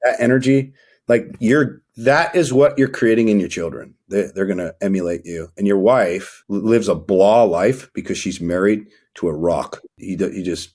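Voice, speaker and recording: Speaking at a moderate pace in a lowish, slightly mellow voice, a young podcast guest coaches fathers through motivational interview talk. He is emphatic and preachy, and he acts out scenes as he goes.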